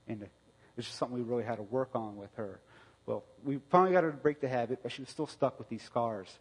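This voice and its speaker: A middle-aged man preaching a conversational sermon, telling a family story with restarts and sudden loud bursts. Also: mid-range voice, fast talker, husky. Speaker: pastor. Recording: long reverb of a hall.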